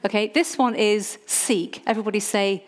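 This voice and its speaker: Lively woman preaching a sermon. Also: mid-range voice, moderate pace. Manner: animated, humorous, calls on the congregation to repeat words. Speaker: church leader.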